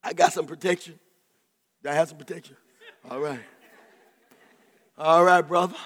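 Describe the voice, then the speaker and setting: High-voiced shouting preacher in a reverberant church. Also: male voice, fairly even intonation, normal speed. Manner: shouting, rhythmic repetition, drops to soft asides. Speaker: pastor. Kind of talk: sermon. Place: church sanctuary. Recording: long reverb of a large church.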